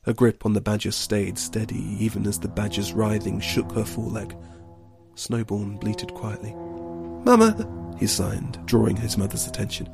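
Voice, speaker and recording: A man narrating an audiobook fantasy story in an even, hushed storytelling manner. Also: on the low side, moderate pace, vocal fry. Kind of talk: scripted narration. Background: background music.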